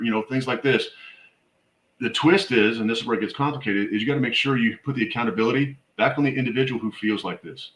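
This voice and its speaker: A man's voice: mid-range voice, brisk, a bit bright, echoey room, low-quality recording. A middle-aged man, a military veteran and suicide prevention educator, telling stories in a blunt, emphatic way as an interview guest. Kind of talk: conversational podcast interview.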